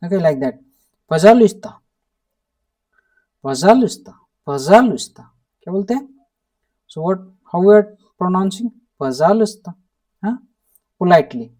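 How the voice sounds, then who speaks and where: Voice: medium pitch, lively intonation, fast talker, pauses often, mellow, far from the mic. A language teacher from India with an Indian English accent, giving an online lesson, repeating each word again and again and prompting with a questioning "hmm?".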